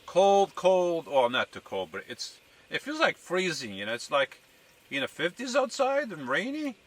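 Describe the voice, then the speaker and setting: Cooking in his camper van, a van life vlogger addresses his viewers as folks in casual chat, often stumbling into restarts and self-corrections. His voice is high-pitched and very animated at a moderate pace, caught on a distant mic.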